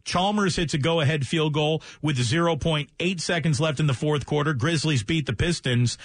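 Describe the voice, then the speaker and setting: A man hosting a sports radio show, running through scores in a brisk, joking, chatty way and taking calls in a studio. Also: on the high side, dry recording.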